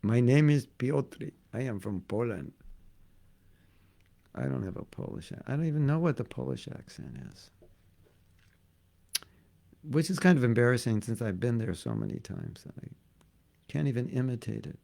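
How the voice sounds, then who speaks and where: A man's voice: medium pitch, very animated, normal speed, creaky, pauses often, darkish tone. A man teaching a casual devotional class, joking and conversational, repeating words for emphasis. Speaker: spiritual teacher.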